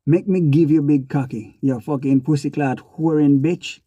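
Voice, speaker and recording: A man's voice: on the high side, steady tone, normal speed, mellow, no room sound, lo-fi sound, lightly acted. A man reading aloud and voicing a violent, jealous father, snarling crude threats. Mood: brutal.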